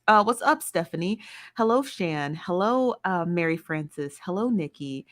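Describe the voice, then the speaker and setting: A woman's voice: lowish voice, lively intonation, a little slow. A woman hosting a live stream, chatting casually and playfully while greeting viewers by name.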